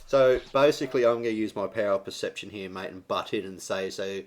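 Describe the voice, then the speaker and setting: A man's voice: lowish voice, a little mellow. An Australian man co-hosting a radio show, joking and teasing his partner with lots of laughter. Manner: teasing, laughs often, quick banter. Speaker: podcast co-host.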